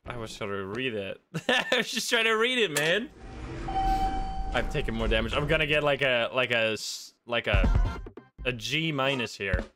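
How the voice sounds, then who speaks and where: A man's voice: medium pitch, sing-song, moderate pace, over music. A man casually commentating a video game livestream, self-mocking and swearing often. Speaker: streamer playing a video game.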